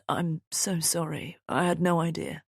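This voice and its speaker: A woman reading a calm, guarded man. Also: lowish voice, no echo, clean studio sound. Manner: measured and reasonable. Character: composed middle-aged man, guarded and calm.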